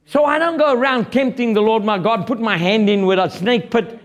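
Guy preaching a sermon, pretty high voice, blunt and jokey, really animated. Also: fairly quick. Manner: animated, blunt and joking, quoting scripture.

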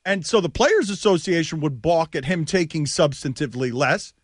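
A man with a fairly high voice hosts a sports radio show, riffing in an animated way and throwing out rhetorical questions. His voice is close and dry on a studio microphone. The banter is loose and energetic. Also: moderate pace, no echo.

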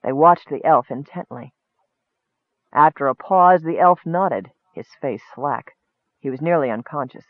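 A man reading a fantasy story aloud in a steady, measured way. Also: fairly high pitch, no echo. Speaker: audiobook narrator. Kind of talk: scripted fantasy narration. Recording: dry tinny phone-like audio.

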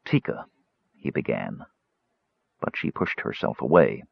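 A man narrating a fantasy audiobook in a varied, expressive storytelling manner. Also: lowish voice, normal speed, slightly rough, no echo. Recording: dull dry studio recording.

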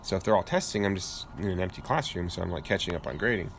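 A man with a lowish voice talking in relaxed casual chat, dry and a little rambling. He sits outdoors on a porch swing, with faint ambient noise around him. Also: quick pace, gravelly. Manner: laid-back, dry humor, rambling with fillers. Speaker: podcast co-host.

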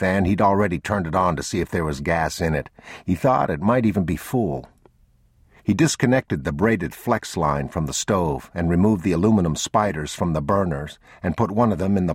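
Very deep, husky male narrator. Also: no room sound, clean studio sound. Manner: measured, unhurried, somber. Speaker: audiobook narrator. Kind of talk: scripted narration.

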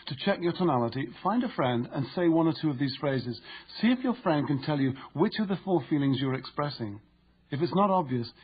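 A man narrating an instructive audiobook in a steady, explanatory way. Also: medium pitch, breathy edge, lo-fi sound.

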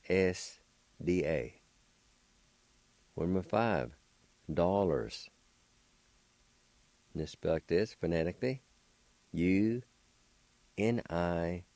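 A man's voice: deep voice, dark tone, no room sound. A middle-aged man hosting a radio vocabulary lesson. He patiently spells words letter by letter and repeats each pronunciation several times. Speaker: radio language teacher and host.

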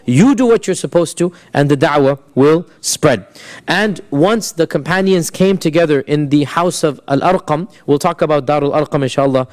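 Guy teaching a class, kinda high voice, chatty, asks the room questions, drops arabic phrases in. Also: moderate pace, darkish tone. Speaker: Islamic history teacher. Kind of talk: classroom lecture.

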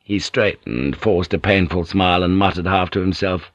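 A man narrating an audiobook in a measured, descriptive reading. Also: sits low, no echo, highs cut off. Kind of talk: scripted narration.

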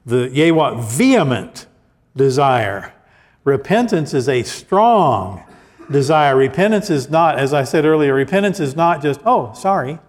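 A male pastor delivering a sermon in a relaxed, conversational way, often restarting phrases and slipping in little asides. His voice sits at an ordinary middle pitch. It carries a long reverb, as in a church sanctuary. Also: unhurried. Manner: conversational preaching, many restarts and asides, reads scripture aloud. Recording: hall reverb.

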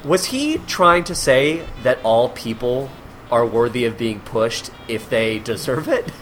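Animated bright-voiced man telling stories. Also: mid-range voice, unhurried, soft background music. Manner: animated storyteller, deadpan asides. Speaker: podcast guest. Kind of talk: casual chat.

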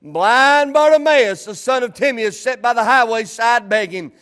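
A middle-aged man preaching a sermon with fervent, shouted cries and drawn-out phrases. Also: very high voice, clean tone.

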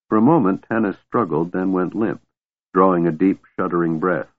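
A man narrating an audiobook in a measured storytelling way. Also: deep voice, dry recording. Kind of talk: scripted narration. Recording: thin phone-like dry recording.

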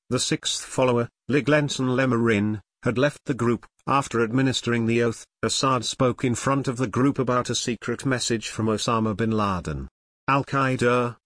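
A man reading nonfiction narration in a measured, matter-of-fact way. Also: mid-range voice, fairly bright tone, no room sound, clean studio sound.

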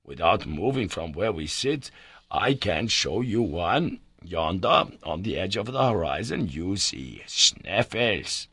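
A courteous, earnest old-world scholar speaks slowly in a low, husky voice, as a narrator puts him on. The sound is dry and close-miked. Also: male voice, sing-song, a bit bright, dry recording, exaggerated voice. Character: worthy, earnest male Icelandic scholar.

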